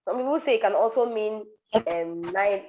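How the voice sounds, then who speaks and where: A woman teaches an online class at an average pitch, explaining step by step and repeating each word. She fills her pauses with ums, and her voice comes through dull lo-fi call audio. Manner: explains patiently, repeats words, many ums. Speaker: French tutor.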